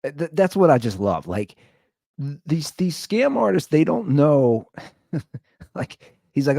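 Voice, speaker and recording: A man's voice: on the high side, very animated, unhurried, vocal fry, warm tone, dry recording, clean studio sound. A man hosting his show, giving amused, rambling commentary on a prank call. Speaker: show host. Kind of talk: casual commentary.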